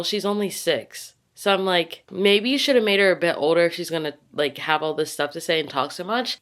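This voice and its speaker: Young woman vlogging in her bedroom, rambly and chatty, says like a lot, laughs easy. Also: lowish voice. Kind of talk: casual chat to camera.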